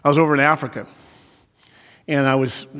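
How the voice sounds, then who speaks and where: A man preaching a sermon, animated, acting out little quoted voices as he goes. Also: mid-range voice, a little fast, clean tone, big-room sound. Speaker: pastor.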